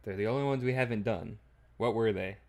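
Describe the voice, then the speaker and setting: A man co-hosting a livestream, casually joking and commenting while he plays the game. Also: lowish voice. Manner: animated, joking, quick to laugh. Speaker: co-host playing the game on stream. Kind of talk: casual gameplay chat.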